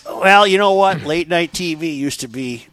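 A man's voice: fairly high pitch, normal speed, a loud crowd. An older man hosting a casual sports talk show, telling long jokes with relish and acting out the characters. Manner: animated storyteller, voices joke characters. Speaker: radio talk show host. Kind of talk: casual chat, joke telling.

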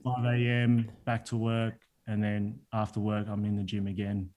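Laid-back young fighter. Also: male voice, fairly low pitch, completely flat delivery, normal speed, darkish tone. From Australia. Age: young adult. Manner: laid-back, easygoing, says "like" and "you know" a lot. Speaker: guest, heavyweight Muay Thai fighter. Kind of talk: casual interview talk.

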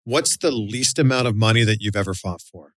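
A man's voice: lowish voice, fairly quick, a bit bright, no room sound, studio quality. Easygoing man asking questions. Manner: curious, easygoing, laughs along. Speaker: interview host. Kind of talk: casual interview questions.

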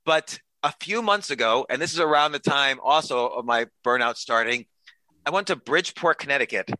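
A man's voice: medium pitch, expressive, brisk, bright, forceful tone, dry recording, low-quality recording. A man guest on a podcast, an author and comedian, telling chatty self-deprecating stories with quoted dialogue. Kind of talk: casual storytelling interview.

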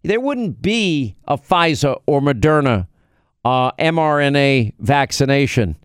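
Male American radio host, slightly high-pitched, emphatic and chatty, restarts his sentences, dry studio mic. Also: animated, measured pace, smooth, no room sound. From United States. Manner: emphatic, conversational, frequent restarts. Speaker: radio talk show host. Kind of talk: talk radio monologue.

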